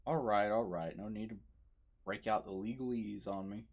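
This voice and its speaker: A man doing a gruff jail guard bird. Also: fairly low pitch, moderate pace, soft background music. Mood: grumbling.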